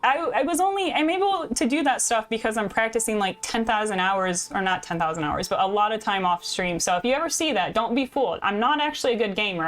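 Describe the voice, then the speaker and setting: A young woman from the American Midwest with a slightly Canadian-leaning Midwestern accent, chatting casually with her live viewers as a game streamer into a desk mic, self-deprecating and quick to laugh. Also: on the high side. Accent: Midwestern American with a slight Canadian lean. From Midwest United States. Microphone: desk microphone.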